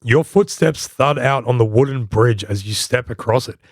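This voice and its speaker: Man, podcast host, scripted history narration, wry and playful, mid-pitched voice, dry close sound. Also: moderate pace, no room sound.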